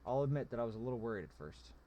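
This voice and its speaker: A man's voice: mid-range voice, animated, racing, dark tone, natural voice. A man voicing a shrewd, calculating male goblin general who explains things at length. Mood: scheming.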